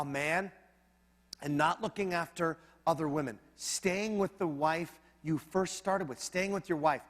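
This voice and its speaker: A man preaching a sermon as pastor, in a conversational, animated manner with humorous asides. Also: sits high, in a large hall.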